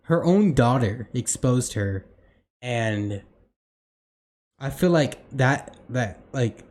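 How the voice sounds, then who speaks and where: A man's voice: mid-range voice, lively intonation, takes it slowly, darkish tone. A young man co-hosting a podcast in casual chat, rambling with many fillers and restarts. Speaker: podcast co-host.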